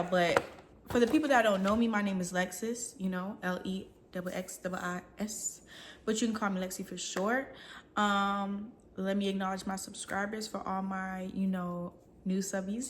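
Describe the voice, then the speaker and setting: A woman's voice: medium pitch, fairly even intonation, measured pace, a little hiss or hum. A young woman, vlogging in a casual, chatty rant, talking through bites of food. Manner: casual, chatty, talks while eating.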